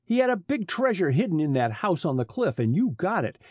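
A man's voice: sits high, sing-song, a little fast, breathy edge, dry recording, voice pushed up, exaggerated voice. A man voicing a bitter, defiant detective father held captive, in an audiobook.

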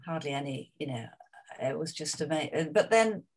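An older woman with a notably low, deep voice, telling stories from her career at an easy conversational clip. She wanders into asides and fillers, chatty and unhurried. Her tone is frank and anecdotal. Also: expressive. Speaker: actress interviewee. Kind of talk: reflective career interview.

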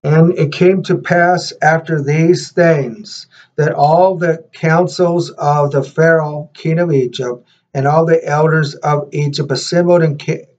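A man, a minister and host, leading prayer and reading scripture in a halting way, repeating words with many fillers. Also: on the high side. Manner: reads scripture slower and louder. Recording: dull lo-fi recording.

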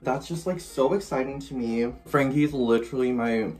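A man's voice: medium pitch, moderate pace, darkish tone. Bubbly young man vlogging. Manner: bubbly, gushing, full of "like" fillers. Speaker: YouTuber. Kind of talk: casual vlog chat.

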